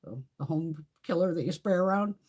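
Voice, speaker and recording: A middle-aged woman chatting on a live stream, telling a story in a profane, animated way with a husky voice. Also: lowish voice, a little fast. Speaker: beauty vlogger. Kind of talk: casual live-stream chat.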